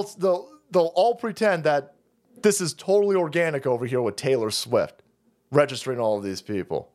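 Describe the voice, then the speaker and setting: Guy ranting on his livestream, kinda high voice, swearing nonstop, all fired up. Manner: profane, heated ranting. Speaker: political livestream host. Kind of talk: ranting political commentary stream.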